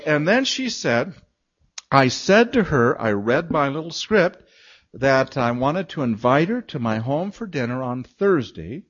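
A man preaching, telling a long personal story with lively, acted-out quotes and frequent laughs. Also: a little high, dull audio. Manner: animated storytelling, acting out quoted voices. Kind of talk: storytelling sermon.

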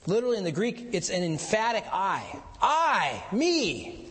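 A man preaching a sermon as pastor, mixing chatty asides with slow, emphatic lines. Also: high voice, sing-song, fairly bright tone, long reverb tail.

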